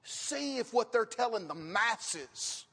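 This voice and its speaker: A man's voice: extremely high pitch, expressive, slow, gravelly, bright, forceful tone, slightly rough. A man preaching a sermon and teaching his congregation, with questions and emphatic repetition. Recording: long reverb of a hall.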